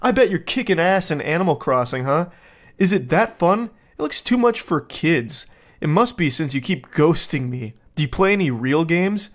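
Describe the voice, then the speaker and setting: Man doing a high, whiny, sneering jerk, obnoxious and mocking. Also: lively intonation, normal speed, close to an everyday voice.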